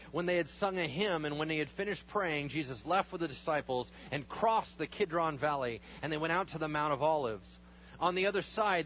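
A man preaching as a pastor, praying over communion and reading scripture aloud, rising loud and high on emphatic lines and dropping to low murmurs. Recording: slightly dull recording with faint hum.

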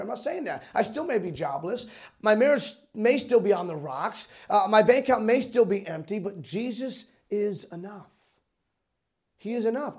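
High-voiced man preaching a sermon. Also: lively intonation, normal speed. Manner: earnest preaching, repeats words, swings between loud emphasis and quiet. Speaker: pastor.

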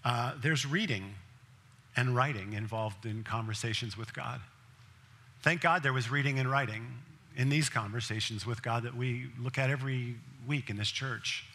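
A man's voice: mid-range voice, moderate pace, pushed and bright. A male pastor preaching a sermon in a conversational way, asking the congregation direct questions.

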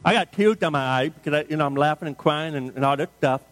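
A man's voice: on the high side, fast. A middle-aged man preaching a sermon, shifting into conversational, humorous storytelling and asking the congregation questions. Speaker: pastor.

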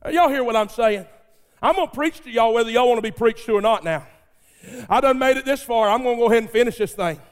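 A male preacher tells his sermon with dramatic fervor and a colloquial touch. His voice sits very high. A long reverb from a big church hall follows his words. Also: fast. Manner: fervent, dramatic storytelling.

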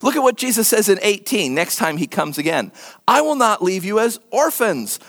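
A middle-aged preacher giving a conversational sermon, animated, full of rhetorical questions and wry humor. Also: mid-range voice, moderate pace. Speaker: preacher teaching from scripture.

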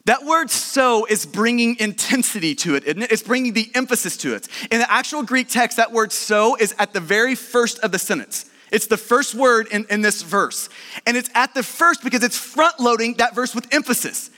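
Male pastor, high-pitched, emphatic sermon delivery, recorded in a church with long reverb. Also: expressive, normal speed. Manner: emphatic preaching that swells to shouts.

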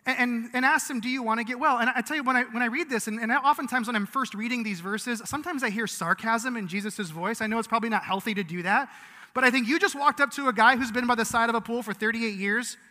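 A man's voice: extremely high pitch, bright, forceful tone. A man giving a sermon as pastor, earnest and conversational, with frequent restarts. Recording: long reverb of a large hall.

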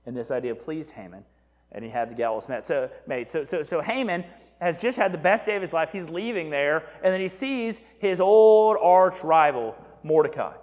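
A man preaching as a pastor in a casual, animated sermon who often checks in with "right?". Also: a little high, moderate pace. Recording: echoey hall reverb.

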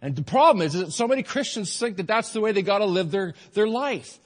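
A man's voice: high voice, animated, fast, big-room sound. A middle-aged male pastor preaching a sermon in a church, earnest and emphatic, repeating his phrases for stress. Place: church sanctuary.

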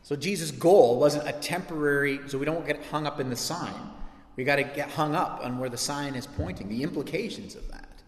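A man preaching a sermon as pastor, animated and conversational, with asides and restarts. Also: on the high side, a little fast. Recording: echoey hall with long reverb.

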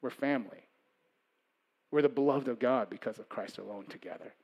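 A man preaching a sermon as pastor, conversational, moving between loud emphasis and soft asides. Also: mid-range voice, a little fast, slightly rough.

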